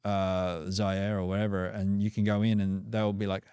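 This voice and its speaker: A man's voice: fairly low pitch, level tone, normal speed, dark tone, smooth, dry recording, clean studio sound. An Australian man talking as a podcast guest in a loose, rambling way, full of fillers and restarts. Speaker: podcast guest, breathwork coach. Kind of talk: casual conversational interview.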